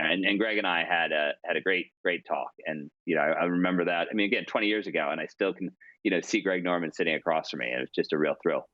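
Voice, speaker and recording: A columnist in his forties appears as a podcast guest in a casual storytelling interview, chatty and self-deprecating with frequent restarts. He talks fast in a deep voice, and the audio is dull with no echo.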